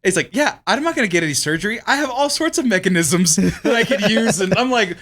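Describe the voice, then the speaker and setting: A man co-hosting a casual podcast, his voice sitting a little high and swinging widely as he talks. He rambles through stories, swears freely and breaks into laughter often. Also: expressive, fast talker, fairly bright tone. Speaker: podcast co-host. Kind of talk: casual chat.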